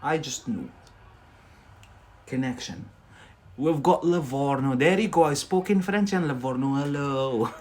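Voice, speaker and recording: A man's voice: medium pitch, animated, measured pace, pauses often, a little mellow. A man from Scotland, teaching English idioms on a live stream in a chatty way, often checking in with "yeah?".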